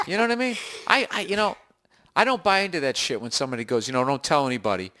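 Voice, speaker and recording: A man's voice: mid-range voice, fast. A man co-hosting a comedy podcast, rambling through stories in casual, profane chat. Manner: profane, rambling, animated storytelling. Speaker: podcast co-host.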